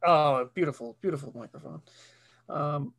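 A man's voice: a little high, moderate pace, vocal fry, a bit bright, breathy edge. A man who works as a voice actor, talking casually as a podcast guest in a rambling, filler-heavy way.

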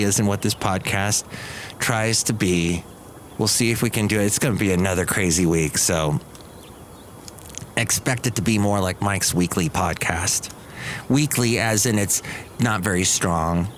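A man's voice: fairly low pitch, moderate pace, slight background noise. Rambling, jokey man hosting a podcast. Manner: rambling, self-mocking, jokey. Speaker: podcast host. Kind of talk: casual solo podcast chat.

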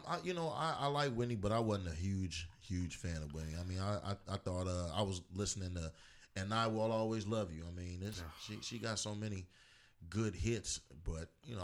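A male co-host with a lowish voice, rambling and halting as he thinks aloud. His talk is loose and full of fillers and restarts. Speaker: podcast co-host. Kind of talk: casual chat.

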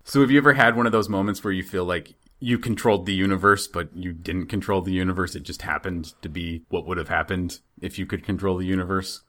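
A man's voice: deep voice, fairly even intonation, fast, hardly any pauses, a bit bright. A man co-hosting a casual podcast chat, telling funny stories and laughing often. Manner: joking, storytelling, laughs often.

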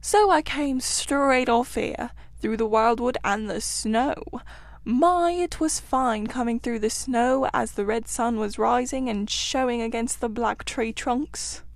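A woman voicing a cheerful, hearty male otter who tells his tale in a lively, outspoken way. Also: a little high, takes it slowly, dry recording.

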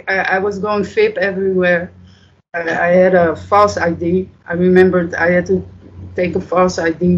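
A guest from the Netherlands, telling stories in a casual, halting way, full of fillers and swearing. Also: medium pitch, highs cut off. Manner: rambling, halting, many fillers, swears freely. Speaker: interview guest. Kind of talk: casual storytelling.

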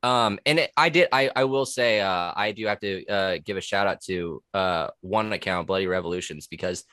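A very deep-voiced man talks loosely in a podcast chat, full of ums, likes and restarts, and swears freely. His voice is close and dry, with no room sound around it. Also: normal speed, pushed and bright, dry recording. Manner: rambling, profane, with many fillers and restarts. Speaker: podcast guest, former corrections officer. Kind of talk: casual conversational podcast.

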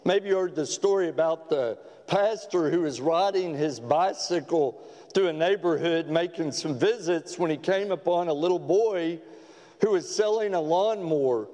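Folksy preacher in a reverberant church. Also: male voice, on the high side, normal speed. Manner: folksy storyteller with gentle humor. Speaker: pastor. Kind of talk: sermon. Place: church sanctuary. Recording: long church hall reverb.

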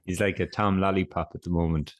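A man's voice: low-pitched, fairly even intonation, a little fast. A young man co-hosting a podcast in casual chat, sounding stuffed up, telling stories and laughing often. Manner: chatty storyteller, laughs often. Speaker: podcast co-host.

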